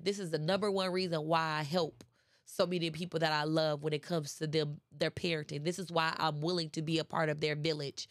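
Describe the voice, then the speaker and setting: A woman's voice: low-pitched, dry recording, studio quality. A woman giving a casual inspirational talk, emphatic and chatty, repeating phrases and speaking straight to her listeners. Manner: chatty, addresses listeners directly. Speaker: motivational speaker.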